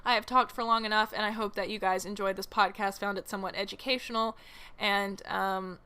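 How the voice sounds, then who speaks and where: A woman's voice: mid-range voice, steady tone, brisk, bright, forceful tone, clear, resonant tone. A woman hosting a solo podcast, teaching horse training in a chatty way, laughing often and making self-mocking asides.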